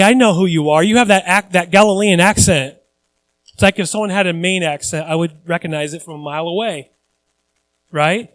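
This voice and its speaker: Guy pastor preaching, kinda high voice, earnest, repeats stuff for emphasis, dry sound. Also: dry recording. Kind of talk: conversational sermon.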